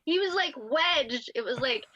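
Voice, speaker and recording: Woman, 40s, guest storyteller; high and bright, lively, laughs a lot; dry, slightly muffled sound. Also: a little slow, slight background noise. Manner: animated, laughs often while telling stories. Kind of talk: casual storytelling chat. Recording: slightly dull, dry podcast audio.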